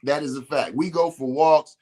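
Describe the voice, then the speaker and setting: A man's voice: fairly high pitch, moderate pace, dark tone. Slangy man on a rant. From Detroit. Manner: emphatic, slangy, repeats himself. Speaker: podcast host. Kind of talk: casual spiritual rant.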